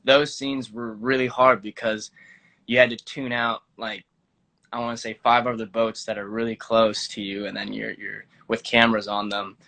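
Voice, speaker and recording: Bright-voiced young man rambling casually. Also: on the low side, flat delivery, normal speed, gravelly. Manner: rambling, many fillers and restarts. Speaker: actor guest. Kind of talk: casual interview chat.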